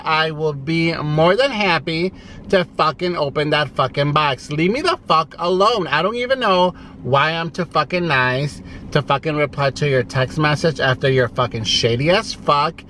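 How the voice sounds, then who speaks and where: A man's voice: a little high, pushed and bright, slight background noise. A man vlogging from inside his parked car, ranting in a profane, sassy, exasperated way. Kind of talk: ranting vlog.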